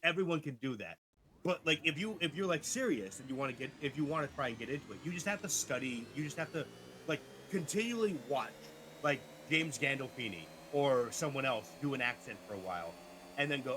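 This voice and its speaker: A man co-hosting a casual gaming chat, animated and joking, tripping over his words. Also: mid-range voice, brisk, noisy background. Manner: animated, joking, stumbling restarts. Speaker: gaming video co-host and streamer.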